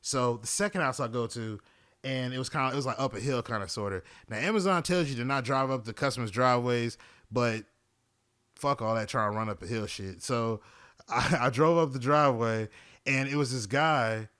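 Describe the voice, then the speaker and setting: Young man, podcast host, casual storytelling, animated, swearing, mid-range pitch. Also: normal speed, smooth. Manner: animated, profane, venting.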